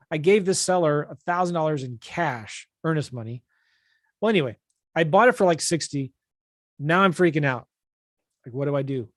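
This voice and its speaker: A man's voice: a little high, no echo. Rambling man telling a story, dry close sound. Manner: rambling, self-deprecating, many fillers and restarts. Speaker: real estate investing coach. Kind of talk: casual storytelling.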